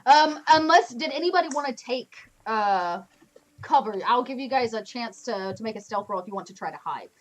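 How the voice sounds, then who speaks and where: A woman's voice: on the high side, animated, a little fast. A woman narrating a tabletop game as game master, chatty and laughing often, with lots of fillers.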